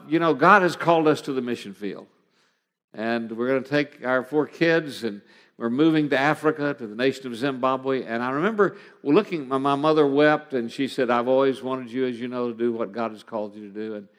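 With a mid-range, slightly bright voice, a middle-aged Oklahoma pastor shares a personal story in his sermon, earnest at first and rising to emphatic moments. The sound carries a long hall reverb.

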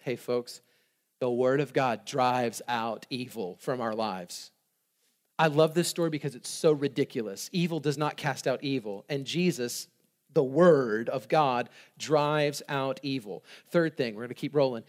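A man preaching a sermon, reading scripture with lively asides, laughs and rhetorical questions. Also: medium pitch, normal speed. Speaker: pastor.

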